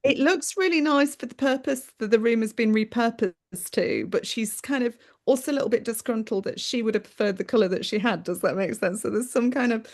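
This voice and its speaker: A woman medium on a video call, giving a live reading in a gentle, affectionate way. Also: fairly high pitch, brisk, few pauses. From United Kingdom. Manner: gentle, affectionate, often says "my darling" and "that's what I'm aware of".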